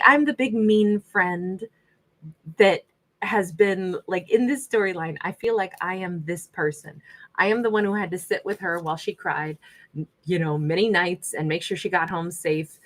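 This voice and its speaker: A woman with a fairly low voice talks through a tarot reading in a sassy, animated way. She drops into the voices of the people she reads about as she goes. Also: normal speed, rough recording. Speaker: tarot reader.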